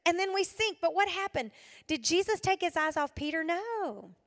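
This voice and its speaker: Animated woman preaching in a reverberant hall. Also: very high voice, normal speed. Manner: animated, shifts between loud exclaiming and hushed soft delivery. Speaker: speaker at a women's gathering. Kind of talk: sermon. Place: hall addressed to an audience.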